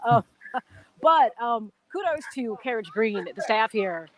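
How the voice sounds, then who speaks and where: A woman's voice: on the high side, animated, unhurried. A woman co-hosting a live sports talk show on location, chatty, with lots of "you know what I'm saying.". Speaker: co-host. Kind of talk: live sports radio chat. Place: golf country club, on location.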